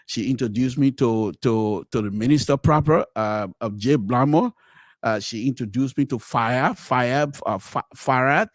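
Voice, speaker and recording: A middle-aged man, hosting a podcast and telling a personal story with many restarts, swinging between loud exclamations and low murmurs. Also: unhurried, no room sound, clean studio sound. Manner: frequent restarts and repeated words. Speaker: podcast host. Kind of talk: storytelling commentary.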